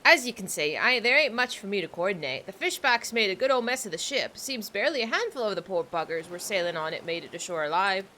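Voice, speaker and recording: Woman playing a male soldier, rough pirate-style drawl, bright voice, lively pitch, faint noise behind. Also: quick pace, hardly any pauses. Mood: reassuring. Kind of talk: reading game dialogue aloud on a stream.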